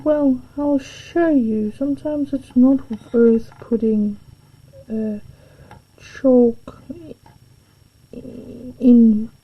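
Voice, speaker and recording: A woman from England, narrating a drawing tutorial as she works, soft-spoken and slipping into half-whispered asides. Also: fairly high pitch, breathy edge. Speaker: art tutor. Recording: dull lo-fi home recording.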